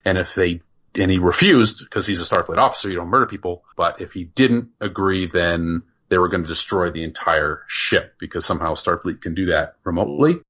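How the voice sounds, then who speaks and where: A man's voice: deep voice, brisk, a bit bright, highs cut off. A man co-hosting a podcast, chatting casually and rambling through plot explanations with many restarts. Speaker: podcast co-host. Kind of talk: casual review chat.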